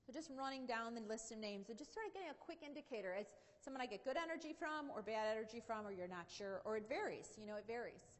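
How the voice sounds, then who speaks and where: A woman's voice: fairly high pitch, animated, quick pace, few pauses. A woman giving a conversational motivational keynote talk at a seminar, often saying "you know". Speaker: keynote speaker. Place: large conference hall. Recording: long hall reverb.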